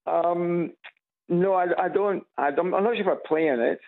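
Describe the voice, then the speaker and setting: A man from Scotland with an Edinburgh accent, calling a radio show on a speakerphone and chatting in a halting, repetitive way with dry humor. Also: sits high. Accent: Edinburgh Scottish. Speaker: radio caller. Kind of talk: casual phone-in chat. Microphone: phone on loudspeaker. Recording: gravelly voice over a tinny phone line.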